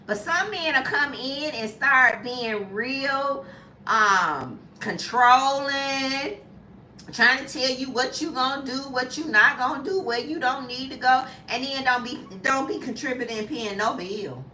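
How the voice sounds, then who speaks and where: A woman in her fifties chatting casually as a vlogger, emphatic and quick to laugh. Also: high voice, bright, forceful tone, slight background noise. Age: 50s. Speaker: lifestyle vlogger. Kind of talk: casual live chat. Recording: echoey room from a distance.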